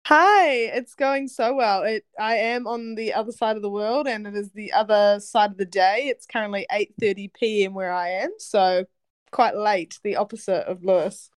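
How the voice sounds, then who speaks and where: A woman's voice: mid-range voice, moderate pace. Friendly New Zealand woman. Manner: friendly, laughs easily. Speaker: podcast guest. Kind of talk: casual chat.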